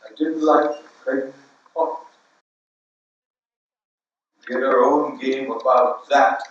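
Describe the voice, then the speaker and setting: An older actor giving a theatrical solo stage monologue, swinging between hushed murmurs and loud outbursts. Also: male voice, medium pitch, little pitch movement, takes it slowly, lo-fi sound. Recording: echoey hall, voice from far off.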